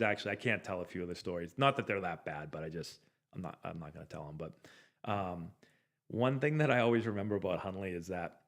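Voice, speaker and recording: A man in his forties with a fairly low voice tells casual stories from his playing days. His delivery is loose and rambling, packed with "like" and false starts, as he hosts a live stream. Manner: rambling, loose, full of "like" and restarts. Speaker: former pro ballplayer hosting a live stream. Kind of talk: casual anecdotal storytelling.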